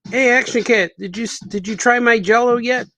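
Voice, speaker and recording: A man reading lines for a laid-back cartoon bug pal in his own comic, in a relaxed, offhand way. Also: extremely high pitch, a little fast, faint music behind, pitched above the performer's own voice. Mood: easygoing.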